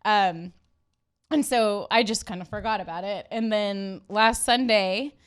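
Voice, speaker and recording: A woman co-hosting a podcast in a studio, telling stories in a chatty, animated way with lots of fillers. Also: medium pitch, unhurried, smooth. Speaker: podcast co-host. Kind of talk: casual chat.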